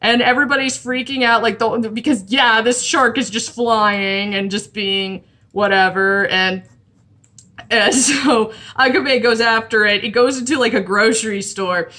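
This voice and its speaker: A woman's voice: on the high side, fairly even intonation, a little slow, sharp tone. A woman chatting casually about a comic while drawing, rambling with lots of restarts. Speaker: comic art vlogger.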